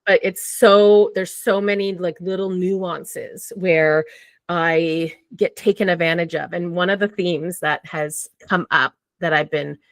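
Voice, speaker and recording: A woman's voice: on the low side, dry recording. A woman talking candidly and casually as a podcast guest, swearing freely and acting out her own thoughts. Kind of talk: casual conversation.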